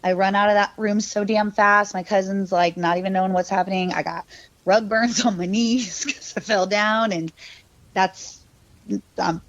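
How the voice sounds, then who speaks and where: Speaking at medium pitch with fairly even intonation and normal speed, the woman continues her casual ghost story on the podcast; there's no echo, just a dull, dry, lo-fi sound. She laughs, leans heavily on fillers, and imitates her cousin and her younger self when quoting them.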